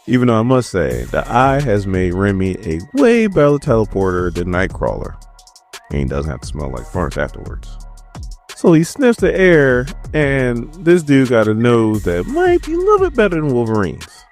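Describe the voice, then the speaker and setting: A man's voice: mid-range voice, wildly swooping pitch, moderate pace, soft background music. A man casually recapping a comic book issue, joking and chatting directly to his viewers.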